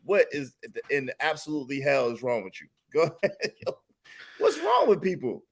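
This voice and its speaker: A man's voice: a little high, a little fast, husky. A man hosting a podcast panel in a somewhat raised voice. He jumps into the talk, uses plenty of slang, and reacts with animation to what his guests and viewers say. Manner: animated, interjecting, slangy, reads out chat comments. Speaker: podcast host. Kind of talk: casual panel discussion.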